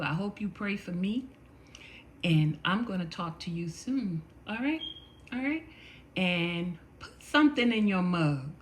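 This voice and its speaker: Bright-voiced chatty woman vlogging from home. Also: fairly high pitch. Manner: chatty, affectionate, drawn-out storytelling. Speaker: vlog host. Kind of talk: casual vlog chat to viewers.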